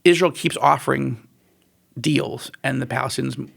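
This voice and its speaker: A man's voice: mid-range voice, steady tone, moderate pace, gravelly, a bit bright. A man speaking as a guest in an interview, telling stories animatedly and acting out quoted voices. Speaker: guest author.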